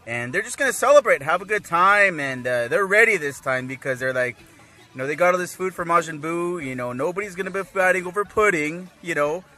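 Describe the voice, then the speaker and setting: A man giving a casual, rambling recap of an anime episode, laughing often and acting out characters' lines in excited voices. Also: fairly high pitch, brisk. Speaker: anime reviewer.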